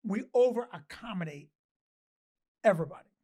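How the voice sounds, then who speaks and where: A man's voice: high-pitched, animated, normal speed, warm tone. An older man co-hosting a casual talk show, telling stories in a blunt, joking way. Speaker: co-host. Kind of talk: casual chat.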